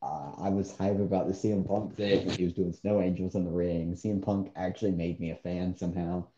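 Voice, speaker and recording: A man's voice: low voice, steady tone, a little fast, background noise. A man co-hosting a casual podcast chat, blunt and dismissive, often laughing at what he describes. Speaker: co-host. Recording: echoey dull-sounding room.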